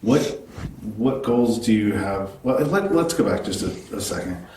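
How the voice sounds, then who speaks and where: A man's voice: lowish voice, lively intonation, unhurried, a little mellow, distant mic, slight background noise. A man hosting a podcast, asking rambling, casual questions with some swearing. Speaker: podcast host. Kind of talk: casual interview. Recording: echoey room, voice from off-mic.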